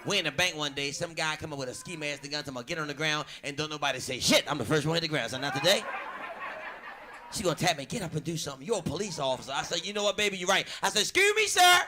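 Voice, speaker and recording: A man's voice: fairly high pitch, very fast. A man doing a stand-up comedy set and hosting the show, swearing freely and acting out every quote. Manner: loud, animated, swearing, acts out quotes. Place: comedy club stage. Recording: comedy club with audience noise.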